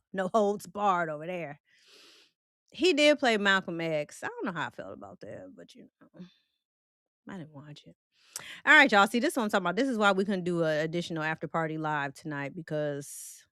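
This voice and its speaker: A woman with a fairly low-pitched voice hosts a casual live stream about film and celebrities, recorded dry and at studio quality. She reads viewer comments aloud and answers bluntly with jokes and frequent laughter, animated and using loose, colloquial phrasing with a Southern tinge.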